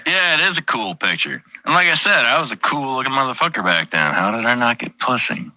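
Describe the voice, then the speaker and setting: A man's voice: medium pitch, big pitch swings, a little fast, pushed and bright, no room sound, low-quality recording. A truck driver chatting casually on a stream, rambling, swearing constantly and joking as he goes. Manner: profane, rambling, jokey. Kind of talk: casual livestream chat.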